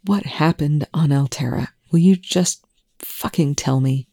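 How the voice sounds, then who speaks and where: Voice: mid-range voice, unhurried, vocal fry, mellow, dry recording, clean studio sound. A reader voicing a weary, defeated male military colonel in a fan fiction reading, tired and straining for patience. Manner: tired, tight, trying for patience.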